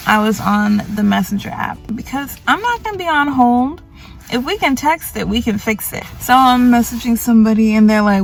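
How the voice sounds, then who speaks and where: Rambling young woman with a gravelly voice. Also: a little high, normal speed. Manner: rambling, self-mocking, quotes others in put-on voices. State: tired. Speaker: vlogger. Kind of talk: casual confessional vlog. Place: grocery store.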